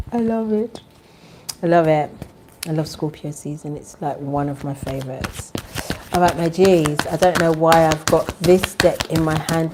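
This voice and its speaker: A woman hosting her own spiritual channel. She chats casually with viewers and leads a spoken prayer, keeping her voice soft and low. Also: a little hiss or hum. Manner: deliberately soft, low-volume talk; chatty and animated, with bursts of laughter. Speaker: spiritual channel host and tarot reader.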